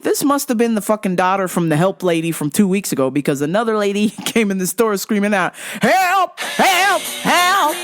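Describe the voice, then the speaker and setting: A woman's voice: medium pitch, expressive, quick pace, few pauses. A woman hosting a podcast, telling retail customer stories with blunt, sarcastic, constantly swearing comedy. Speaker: podcast host. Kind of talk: profane comedic storytelling.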